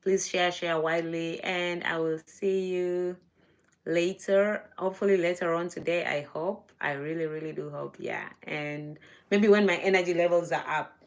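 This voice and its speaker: A woman hosting a casual livestream. She sounds sleepy and unhurried, trailing off with "yeah" between thoughts. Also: fairly low pitch, fairly even intonation. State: sleepy, low energy. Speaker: livestream host.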